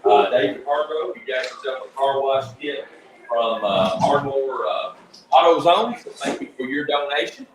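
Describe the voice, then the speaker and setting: A man hosting a live radio auction, reading out bids in a steady, plain way. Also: mid-range voice, moderate pace, echoey room, slight background noise, poor audio. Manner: steady, plain, with frequent uh fillers.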